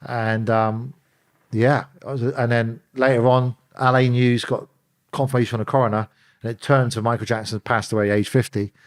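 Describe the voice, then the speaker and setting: A man's voice: mid-range voice, moderate pace. A middle-aged man, telling stories as an interview guest and acting out the phone calls he describes. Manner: animated storyteller, acts out phone calls. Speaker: interview guest, former bodyguard. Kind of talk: candid storytelling in an interview.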